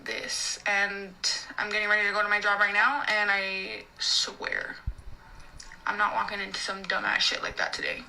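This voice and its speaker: Young adult woman, server, ranting storytime, very bright tone, animated, swearing, light background noise. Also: mid-range voice, fast, hardly any pauses, poor audio. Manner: animated, swears a lot, full of fillers. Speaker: restaurant server.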